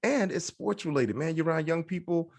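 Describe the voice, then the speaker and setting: A man's voice: fairly high pitch, a little fast, gravelly, darkish tone. A middle-aged man co-hosting a podcast in casual, laid-back chat, often asking "right?". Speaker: podcast co-host.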